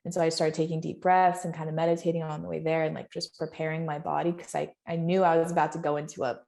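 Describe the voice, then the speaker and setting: A woman guest telling a personal story in a slightly low voice with plenty of vocal fry. She speaks earnestly and with deep feeling, and laughs often between her sentences. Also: level tone, fast, warm tone. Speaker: podcast guest.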